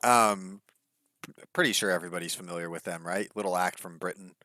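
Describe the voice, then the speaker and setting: Man, podcast co-host, very low voice, dry recording, rambling casual review. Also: a little fast, bright, forceful tone, no echo. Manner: rambling, hedging, many fillers. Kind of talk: casual music review chat.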